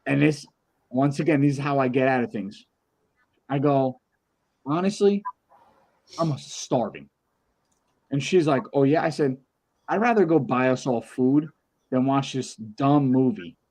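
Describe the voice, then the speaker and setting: A man's voice: medium pitch, normal speed, a little mellow. A man on a podcast telling a long personal story in casual chat, acting out the voices in it and swearing freely. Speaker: podcast co-host.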